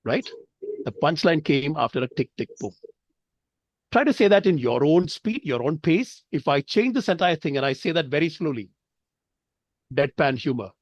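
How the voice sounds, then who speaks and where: A man's voice: fairly high pitch, expressive, normal speed, long pauses, no echo, dull audio. A man from India teaching public speaking in an online training session, explaining with examples and checking in with his listeners. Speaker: speech trainer.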